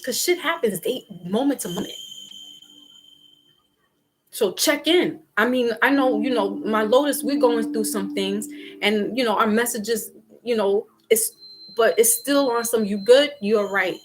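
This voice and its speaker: A woman vlogger giving a casual spiritual pep talk in an animated, slangy way, acting out little quoted exchanges. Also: on the high side, measured pace, slightly rough.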